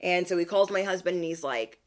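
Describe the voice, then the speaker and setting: A woman vlogger in a chatty, animated retelling of a family story, using slang as she talks to her viewers. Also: lowish voice, a little fast. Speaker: spiritual vlogger. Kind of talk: casual storytelling.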